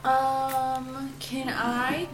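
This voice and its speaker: A woman's voice: sits high, monotone, drawn-out words. Hesitant woman player, echoey room. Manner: hesitant questions with fillers like "like" and "um". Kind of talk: casual tabletop game play. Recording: echoey room with music behind.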